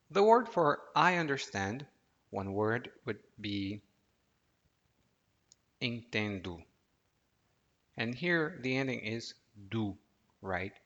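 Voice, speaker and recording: Slow, patient male language teacher. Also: mid-range voice, fairly bright tone. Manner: patient, deliberate, prompts listener to repeat. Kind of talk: audio language lesson. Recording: dull lo-fi audio with long reverb.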